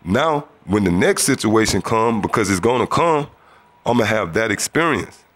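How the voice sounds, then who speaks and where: A man shares a religious testimony in a relaxed storytelling manner. His voice sits fairly low, and he acts out the other people in the story as he talks. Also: moderate pace. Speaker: testimony speaker.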